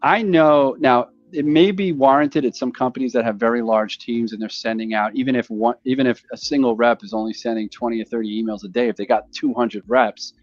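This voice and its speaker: A man's voice: mid-range voice, brisk, few pauses, no room sound. Guy on a podcast going on about cold calls, acting out the phone chats, kinda dull lo-fi sound. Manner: animated, rambling, acts out phone calls. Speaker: podcast host. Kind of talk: casual conversation about sales calls.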